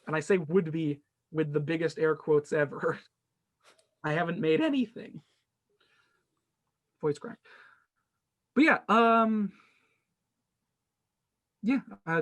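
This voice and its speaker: Young man, podcast host, casual chat, rambling, lots of fillers, slightly high pitch. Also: fairly bright tone. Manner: rambling, many restarts and fillers.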